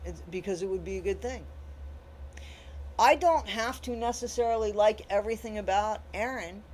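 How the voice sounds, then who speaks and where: A vlog host talking straight to viewers in casual commentary, with a mid-range voice. The host leans hard on each point, repeats phrases for emphasis, and pushes harder and louder while arguing. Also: mid-range voice, normal speed, a little hiss or hum, poor audio. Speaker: channel host.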